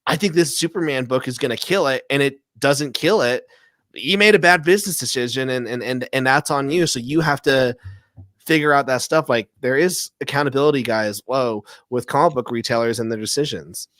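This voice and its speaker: Animated, laughing male live-show host. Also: medium pitch, a little fast, dry recording, studio quality. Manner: animated storyteller, acts out quotes, laughs often. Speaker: podcast host. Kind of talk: casual live-stream chat.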